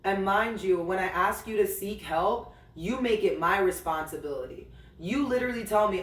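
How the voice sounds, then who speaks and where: Speaking to his ex directly, a male podcast host delivers a candid, blunt, profane monologue about a personal story in a high, fairly bright voice at a moderate pace with few pauses. The sound is roomy and slightly off-mic, as he's far from the microphone.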